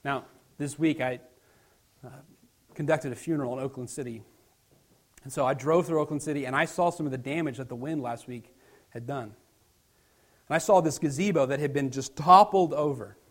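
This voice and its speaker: A male pastor preaching a sermon, swinging between loud emphatic passages and hushed near-whispers, and reading scripture in a slow, declaiming cadence. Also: mid-range voice.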